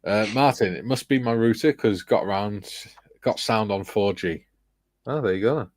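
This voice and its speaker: A man's voice: fairly low pitch, normal speed. A man hosting a casual livestream, reading viewers' chat messages aloud and chatting with his panel. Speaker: livestream host.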